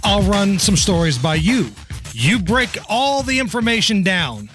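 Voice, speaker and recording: A man's voice: high-pitched, big pitch swings, a little slow, over music. A man with a Midwest American accent co-hosting a talk radio show, telling stories wryly and confidently. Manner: wry, confident storytelling. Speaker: radio co-host. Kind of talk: casual talk radio banter. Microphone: studio microphone.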